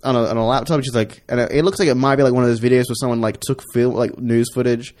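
A man's voice: medium pitch, fairly even intonation, fast talker, darkish tone. A man in casual podcast chat, rambling and swearing as he retells a movie trailer. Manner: profane, rambling, acts out voices. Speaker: podcast co-host.

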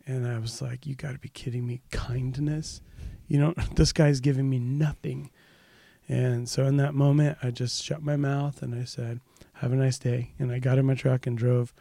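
A man serving as a pastor tells a story in a relaxed podcast conversation, his voice mellow and dark. He raises his voice and livens up whenever he quotes someone. The sound is dry and close to the mic. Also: mid-range voice, normal speed, vocal fry, no room sound. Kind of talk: casual storytelling in a podcast chat.

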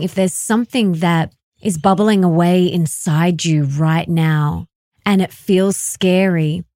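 A woman's voice: on the low side, a little mellow, no room sound, studio quality. A woman podcast host speaking in an earnest, encouraging way to her listeners. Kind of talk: reflective interview remarks.

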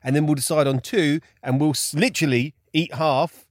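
A man's voice: a little high, steady tone, normal speed, no room sound, clean studio sound. A man co-hosting a podcast in easygoing casual chat, affirming the others with mm and yeah. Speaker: co-host.

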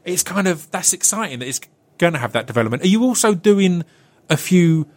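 A man's voice: high voice, expressive, brisk, darkish tone. A man hosting a podcast in casual chat, with a stutter that catches on word starts. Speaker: podcast host.

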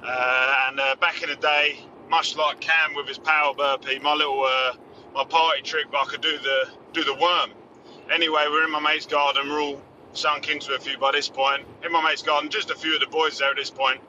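Cheeky Aussie caller, bright voice. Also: male voice, a little high, level tone, normal speed, lo-fi sound, a little hiss or hum. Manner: cheeky, boastful, laughing. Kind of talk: casual storytelling on a voice message.

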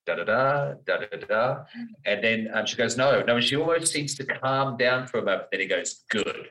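A man's voice: medium pitch, lively intonation, moderate pace, sharp tone, echoey room, rough recording. A man hosting a casual film discussion, recounting scenes with lots of fillers and acted-out quotes. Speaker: podcast host.

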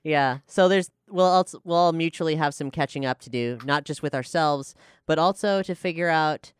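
Smooth, rambling game master host. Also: mid-range voice, normal speed, no echo, studio quality. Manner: rambling, self-interrupting, swears freely. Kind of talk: casual podcast chat.

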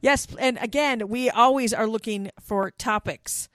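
A woman co-hosting a casual podcast, chatty and giggly, speeding up when excited. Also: fairly high pitch, a little slow, no room sound, studio quality. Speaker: podcast co-host. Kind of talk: casual chat.

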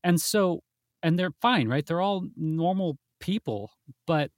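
A man's voice: on the high side, animated, measured pace, dry recording, clean studio sound. A man in casual podcast chat, telling a story with many asides and restarts, in a self-deprecating way. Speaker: podcast co-host.

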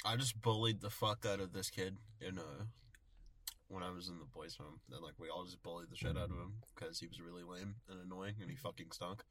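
A man co-hosting a casual podcast chat, crude and joking, chiming in with loud bursts. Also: sits low, fairly even intonation, fairly quick. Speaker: podcast co-host. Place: in a car.

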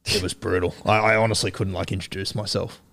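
A man's voice: low voice, little pitch movement, fast, gravelly, a bit bright. An Australian man with a slight stutter, chatting as a guest on a podcast and telling stories about himself. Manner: hesitant, with restarts and a slight stutter. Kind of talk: casual interview chat.

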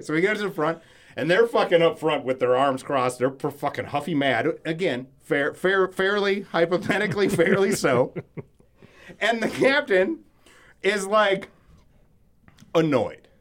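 A man co-hosting a podcast, telling a long story in casual chat, profane and animated, dropping from loud bursts to low mumbles. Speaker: podcast co-host.

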